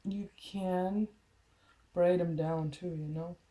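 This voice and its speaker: A woman's voice: on the low side, fairly even intonation, takes it slowly, reverberant, noisy background. A young woman chewing gum, chatting casually and apologetically through an unscripted hair tutorial at home. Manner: chatty, apologetic, rambling with fillers. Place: home room in front of a mirror.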